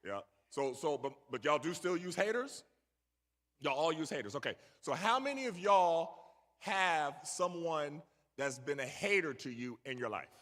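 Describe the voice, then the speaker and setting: A man's voice: on the high side, expressive, normal speed, a bit bright. A middle-aged man telling a story to a young audience and bantering with the crowd. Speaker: guest speaker. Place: large church hall. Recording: echoey church hall.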